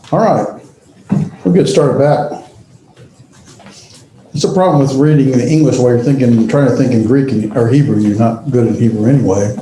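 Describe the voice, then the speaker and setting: A man's voice: medium pitch, warm tone, slight background noise. Hesitant man lecturing in an echoey room. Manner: halting, many fillers, self-correcting. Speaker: Bible language instructor. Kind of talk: classroom lecture.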